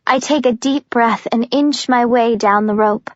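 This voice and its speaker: A woman's voice: fairly high pitch, unhurried, few pauses, no room sound. A woman narrating a first-person audiobook with an urgent, breathless telling. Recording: slightly dull, dry recording.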